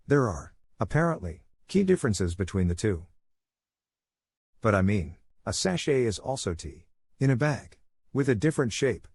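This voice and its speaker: A man with a fairly low voice reads forum posts aloud. His delivery is plain, with playful lifts on quoted words. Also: a little mellow. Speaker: narrator reading online posts.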